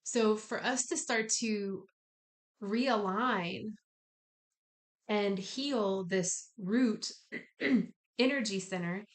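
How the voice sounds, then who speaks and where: A woman speaks in an easy, conversational way as she guides listeners through a spiritual practice. Her delivery is gently encouraging, with slangy asides mixed in. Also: medium pitch, drawn-out words, pauses often. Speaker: spiritual wellness teacher. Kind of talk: casual spoken guided talk.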